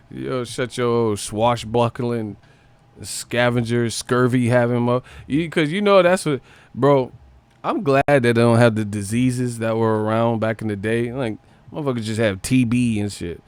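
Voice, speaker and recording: Gravelly, profane livestream host. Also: male voice, medium pitch, moderate pace, no room sound. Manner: profane, joking, laughs often. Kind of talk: casual commentary.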